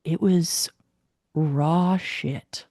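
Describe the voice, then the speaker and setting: A woman's voice: low-pitched, extremely slow, no echo, clean studio sound. A woman co-hosting a podcast in casual chat, telling stories animatedly, laughing often and acting out what people said. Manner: animated storyteller, laughs often, acts out quotes. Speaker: podcast co-host.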